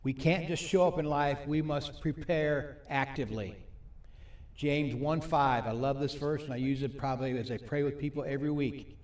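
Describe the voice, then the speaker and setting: A man preaching a sermon at a recovery ministry. He reads scripture slowly and asks the audience questions. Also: a little high, steady tone, darkish tone. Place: meeting hall with a live audience. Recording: echoey hall, mic from a distance.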